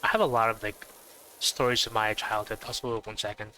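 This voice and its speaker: A man with a nasal voice chatting casually on a stream, rambling and thinking out loud with lots of fillers. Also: lowish voice, fairly even intonation, brisk, low-quality recording.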